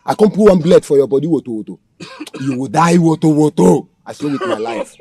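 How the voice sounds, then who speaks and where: A man's voice: fairly high pitch, lively intonation, brisk, warm tone. An actor playing a menacing male kidnapper, threatening his captive in Nigerian Pidgin English. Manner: threatening, barking orders, Pidgin slang. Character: menacing male kidnapper thug, violent and contemptuous. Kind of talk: Nollywood film acting.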